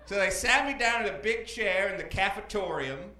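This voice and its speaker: A young man performs stand-up at a club, his voice high and swinging widely in pitch. He rambles with deadpan asides and hesitant fillers into a stage mic. The room is echoey, with a live crowd all around. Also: normal speed. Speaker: stand-up comedian. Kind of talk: stand-up comedy set.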